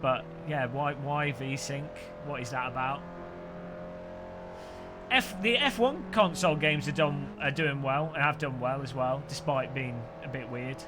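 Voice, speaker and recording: A man with an English Midlands accent chats and jokes during a live racing stream, giving gaming commentary in a medium-pitched, unhurried voice. The recording is noisy with race car sounds, and music plays in the background.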